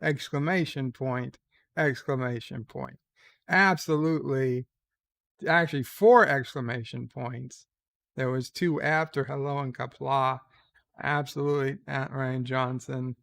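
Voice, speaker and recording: A man hosting a casual live stream from bed, reading out chat messages in a slow, halting way with dry, irreverent remarks. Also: mid-range voice, steady tone, creaky, fairly bright tone. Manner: slow, halting, with many pauses and fillers; wry and irreverent. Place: lying in a bed.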